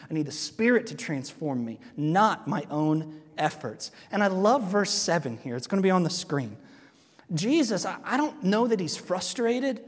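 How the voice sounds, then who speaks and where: High-voiced pastor in an echoing church. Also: male voice. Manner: earnest, asks the congregation rhetorical questions. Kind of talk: sermon. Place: church sanctuary.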